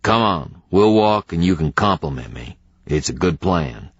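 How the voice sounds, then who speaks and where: A man's voice: sits low, expressive, unhurried, slightly rough, dry recording, exaggerated voice. A man voicing a terse, distrustful older drifter with a smoker's voice. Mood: wry. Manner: blunt, terse, wry. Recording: slightly dull audiobook recording.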